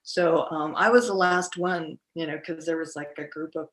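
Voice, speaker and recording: A middle-aged woman recounting a personal story as a podcast guest, speaking haltingly with many fillers and restarts. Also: sits low, fairly even intonation, a bit bright.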